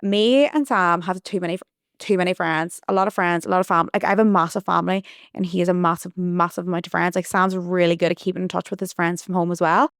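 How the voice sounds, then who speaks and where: A woman's voice: on the low side, steady tone, quick pace, no echo, clean studio sound. A young woman hosting a podcast, telling a personal story in a chatty, rambling way full of restarts. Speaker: podcast host. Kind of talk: casual storytelling monologue.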